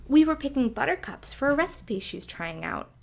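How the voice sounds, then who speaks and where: Woman doing a squeaky little girl mouse. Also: big pitch swings, moderate pace, vocal fry, exaggerated voice. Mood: eager. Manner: breathless, squeaky, eager. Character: small, timid young girl mouse.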